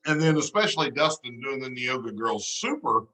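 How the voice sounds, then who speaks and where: A man's voice: mid-range voice, normal speed, sharp tone, rough recording. A man co-hosting a sports podcast, teasing his guest in casual chat. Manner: teasing, jokey.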